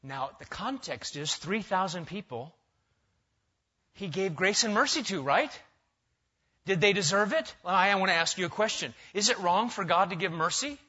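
A man preaching a sermon, emphatic, swinging from loud stressed words to quiet asides. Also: sits high, animated, unhurried, pauses often, slightly rough. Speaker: pastor. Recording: dull lo-fi sound.

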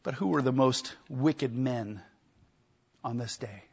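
A man's voice: mid-range voice, slow pace, darkish tone, slightly rough, muffled recording. A man preaching a sermon, emphatic, with repeated phrases and rhetorical questions.

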